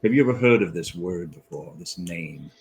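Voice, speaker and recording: A man playing a tabletop game, describing his character's actions in a deliberate way. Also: deep voice, lively intonation, creaky, a little mellow, slight background noise. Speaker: player.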